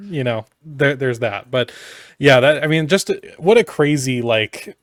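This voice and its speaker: A man hosting a casual podcast interview, asking relaxed questions with fillers. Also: mid-range voice, measured pace, dry recording, clean studio sound. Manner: relaxed, brief backchannels, hesitant questions with fillers. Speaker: podcast host.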